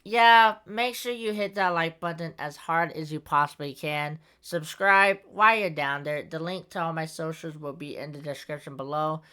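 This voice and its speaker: A woman's voice: deep voice, normal speed, hardly any pauses, pushed and bright, smooth. A woman hosting a podcast in casual chat, rambling with many fillers and frequent laughter. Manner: giggly, rambling, lots of fillers. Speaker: podcast host.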